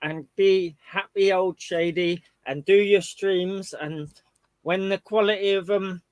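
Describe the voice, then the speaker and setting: A man with a notably high voice chats on a livestream. The sound is dry and close. He talks in an encouraging way and keeps adding "you know what I mean". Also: steady tone, takes it slowly, no echo. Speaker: regular on the stream. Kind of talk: casual livestream chat.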